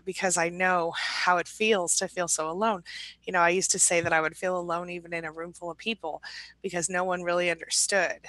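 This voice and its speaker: Female live-stream host, emotional and warm, bright slightly low voice, reading audience comments. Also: no room sound. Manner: warm, emotional, reads viewer comments aloud.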